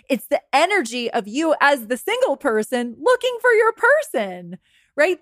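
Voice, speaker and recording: Animated woman coach, quite high voice. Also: dry recording, clean studio sound. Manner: animated, acts out quoted lines in a higher voice. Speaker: dating coach. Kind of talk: podcast monologue.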